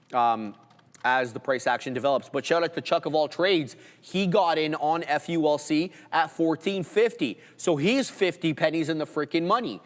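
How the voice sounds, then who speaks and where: Man, live trading commentary, excited price call-outs, mid pitch, reverberant room. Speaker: co-host of a live trading stream. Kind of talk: casual live market commentary.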